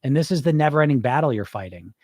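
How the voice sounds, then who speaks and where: A man's voice: medium pitch, expressive, fast talker, a little mellow, no room sound, clean studio sound. A middle-aged man who coaches weight loss, talking informally and bluntly on a podcast, asking his listeners rhetorical questions. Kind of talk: live podcast talk answering listeners.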